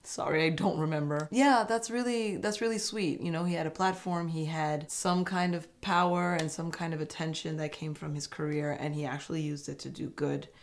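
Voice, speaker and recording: A woman casually recapping a reality dating show, chatty and animated with sarcastic asides. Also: low-pitched, normal speed, hardly any pauses. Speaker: host.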